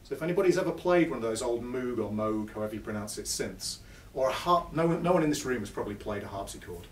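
A man's voice: mid-range voice, animated, quick pace. A man giving a chatty, self-deprecating live guitar lesson to an audience in a music store. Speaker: guitar clinician. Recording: echoey shop recorded from far off, with guitar. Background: guitar playing between phrases.

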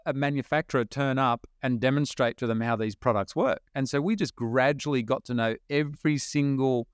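A middle-aged Australian man speaks as a podcast guest, telling stories of his early business days with animated energy and quick bursts of laughter. His voice sits at an ordinary middle pitch, and the recording is dry and close, with no room sound. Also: smooth, dry recording. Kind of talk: storytelling interview talk.

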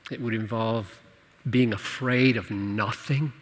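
A man preaching and answering questions in a church teaching session, animated and playful, laughing at his own jokes. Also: fairly low pitch, slow. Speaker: pastor. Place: church hall. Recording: church hall reverb.

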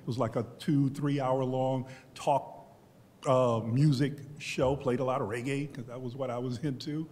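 A man's voice: mid-range voice, fairly even intonation, moderate pace, a little mellow. A man in his sixties from Texas, telling personal stories on a history panel in a reflective, conversational way, often restarting his sentences. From Beaumont, Texas, US. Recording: long hall reverb.

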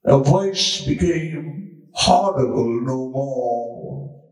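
A man preaching a sermon as dramatic storytelling, swinging from hushed lines to shouts. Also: medium pitch, animated, very slow, soft background music. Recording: very echoey room, far from mic.

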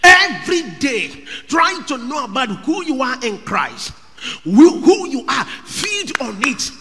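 Fervent preacher in a reverberant hall. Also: male voice, very high voice, very animated, measured pace. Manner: fervent preaching, sudden shouted peaks. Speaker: pastor. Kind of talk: sermon.

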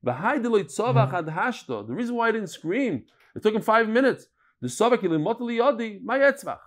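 A man teaching a daily Talmud class, telling stories with animated energy and mixing Hebrew and Yiddish terms into his English. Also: sits high, fairly quick.

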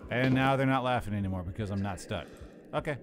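A man's voice: on the low side, fast talker. A man casually commenting while he plays a horror game, joking and swearing to himself. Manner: profane, joking, talks to himself. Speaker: streamer playing a horror game. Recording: loud game noise behind. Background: horror game sounds.

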